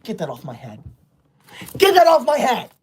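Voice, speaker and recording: A performer playing a self-righteous young livestreamer who loves school, scolding the chat with indignant, sudden shouted outbursts into a close mic. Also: mid-range voice, wildly swooping pitch, normal speed, husky. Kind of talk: comedy sketch livestream.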